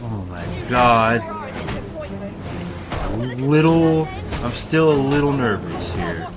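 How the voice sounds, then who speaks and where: A man giving casual let's-play commentary, rambling and talking straight to his viewers, often breaking into excited exclamations. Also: mid-range voice, slow, music in the background. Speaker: gameplay commentator.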